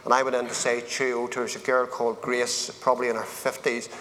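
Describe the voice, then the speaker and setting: A Northern Irish man speaks earnestly and plainly, his voice sitting at an ordinary middle pitch. He rises into fervent appeals to his listeners. A long reverb trails his words around the event hall. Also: little pitch movement, fast talker, bright, forceful tone, slight background noise. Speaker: speaker giving a personal testimony. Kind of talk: evangelistic testimony at a men's event.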